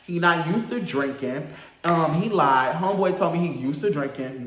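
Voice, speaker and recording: High-voiced man telling a wild story. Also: moderate pace, roomy sound. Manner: animated, profane, campy, acts out others. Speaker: storyteller vlogger. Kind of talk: casual storytime.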